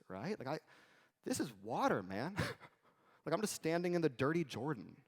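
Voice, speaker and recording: A male pastor giving a sermon in a conversational, animated way with casual asides. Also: fairly high pitch, normal speed, pauses often, big-room sound. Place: church sanctuary.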